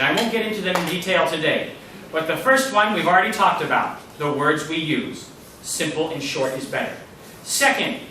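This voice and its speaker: A man giving an animated lecture in a lecture room, with big swings in loudness. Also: on the high side, slight background noise. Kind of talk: lecture on presenting. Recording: echoey room from far off.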